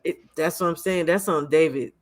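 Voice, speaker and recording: Animated man chatting on a livestream. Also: a little high, normal speed. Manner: animated, laughs often, repeats himself. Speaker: livestream host. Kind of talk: casual boxing chat.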